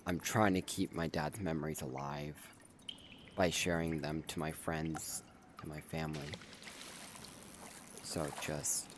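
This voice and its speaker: A young man with an extremely deep voice talks slowly through a heartfelt update, pausing and sighing as he fights back tears. A steady hiss of noise sits under the recording. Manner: emotional, halting, with sighs and restarts. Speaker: content creator. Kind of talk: personal video update.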